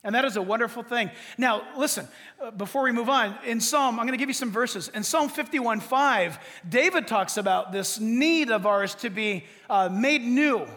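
A man preaching with a strikingly high voice and a forceful, bright edge. He tells stories with animation and speaks straight to the congregation. A long reverb trails after every phrase, as in a large hall. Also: moderate pace. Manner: animated storytelling, addressing the congregation directly. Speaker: pastor. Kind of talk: sermon.

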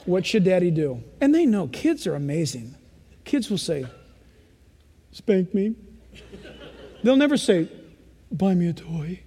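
A male pastor preaching a sermon in an animated style, acting out parents and children as he goes. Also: sits high, moderate pace, breathy edge, big-room sound.

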